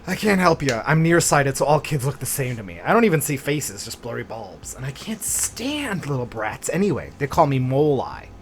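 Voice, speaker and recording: A man's voice: medium pitch, sing-song, moderate pace, hardly any pauses, slight background noise. A man voicing a grumpy, nearsighted, sickly old man in a video game who complains crotchetily about children and disrespect.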